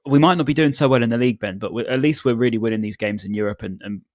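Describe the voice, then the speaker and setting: Young male co-host, casual and chatty, mid pitch. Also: rapid-fire, darkish tone, no echo, studio quality. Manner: chatty, many "like" fillers. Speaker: podcast co-host. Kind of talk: casual football podcast chat.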